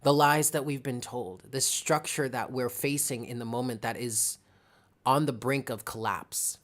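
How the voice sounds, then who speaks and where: At a measured pace and with fairly even intonation, a medium-pitched tarot reader conducts a live reading, speaking casually and thinking aloud. She addresses viewers in the chat by name and regularly asks "okay?"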